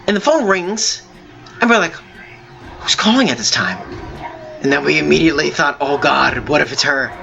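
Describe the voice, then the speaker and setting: A man hosting a gaming video, telling a long story in a halting, rambling way with many fillers while he plays. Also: fairly high pitch, lively intonation, vocal fry, muffled recording. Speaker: gaming channel host. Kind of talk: telling a story over gameplay.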